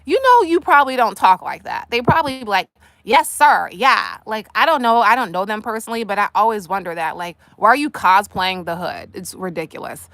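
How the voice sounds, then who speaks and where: A woman hosting a casual commentary livestream, sassy and animated, talking straight to the people she discusses. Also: mid-range voice, fairly quick, few pauses, dry recording. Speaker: livestream host.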